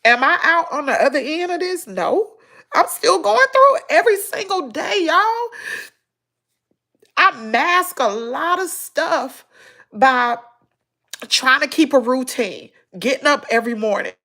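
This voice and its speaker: A middle-aged woman with a Southern US accent speaks in a high, gravelly voice. She talks through tears in a personal vlog, with sighs between her words. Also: sing-song, unhurried, sharp tone. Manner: tearful, sighing, breaking into crying. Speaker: vlogger. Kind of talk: emotional personal vlog talk.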